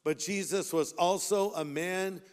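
A man preaching a sermon, impassioned and fond of rhetorical questions, swinging between loud and hushed. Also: high-pitched, a little slow, smooth. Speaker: pastor. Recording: long hall reverb.

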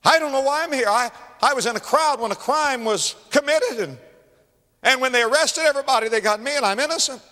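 A frantic chained galley slave pleads his innocence, as a male preacher puts him on, his voice pitched well above his own and tumbling out in a hurried whine. The long reverb of a big hall trails every word. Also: bright, forceful tone. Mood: pleading.

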